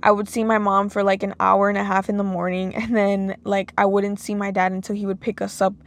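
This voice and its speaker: A woman's voice: medium pitch, little pitch movement, fairly quick. A young woman hosting a podcast, talking casually and emotionally about her past with lots of "like"s. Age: young adult. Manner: casual, emotional, filler-heavy with many "like"s. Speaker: podcast host. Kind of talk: personal monologue.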